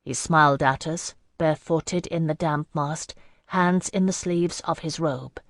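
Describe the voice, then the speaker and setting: Low-voiced woman narrating a fantasy audiobook. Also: steady tone, unhurried, no room sound, clean studio sound. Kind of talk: scripted first-person fantasy narration.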